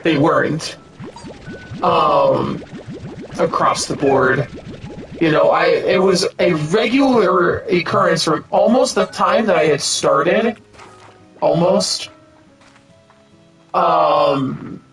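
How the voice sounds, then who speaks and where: A man in his thirties from the United States, chatting casually on a game stream in a fairly high voice. He talks slowly and rambles, swearing freely and filling gaps with ums and restarts. Faint game music plays underneath. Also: fairly bright tone, rough recording. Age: 30s. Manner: rambling and profane, with many fillers and restarts.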